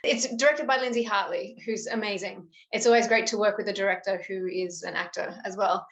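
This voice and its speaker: A woman's voice: medium pitch, a little fast, echoey room. A woman from Australia, an actress guest chatting in an upbeat, gushing way during an interview. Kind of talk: casual interview chat.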